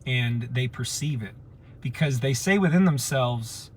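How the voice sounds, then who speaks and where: A man with a medium-pitched voice speaks at a measured pace over slight background noise, chatting casually with his community group. He's an animated storyteller who acts out the voices of the people he quotes.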